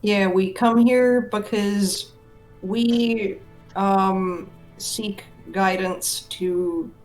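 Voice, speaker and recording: A woman's voice: mid-range voice, fairly even intonation, very slow, a little mellow, soft background music, poor audio. A woman playing a tabletop game, talking in a laid-back, joking way. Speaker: player. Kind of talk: casual tabletop game chat.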